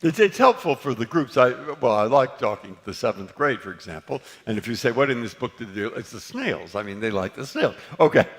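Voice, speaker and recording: A man's voice: mid-range voice, very animated, brisk, hardly any pauses. An older man, a guest author, tells anecdotes onstage in a rambling way with many restarts and self-corrections. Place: event hall before a live audience. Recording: long hall reverb.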